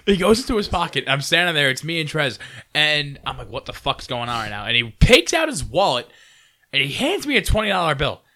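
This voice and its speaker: A man spins a wild bar story for his friends in loose, casual chat. His voice is bright and sits a bit high. He curses often and jumps up in pitch and volume when he acts out the drunk people he met. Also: moderate pace. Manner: animated storyteller who pushes up his voice for drunk characters; swears freely.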